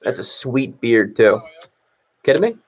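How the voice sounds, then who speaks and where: A man's voice: mid-range voice, sing-song, unhurried. Joking young man hosting a sports watch-along stream. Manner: joking, teasing banter with chat. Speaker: livestream host.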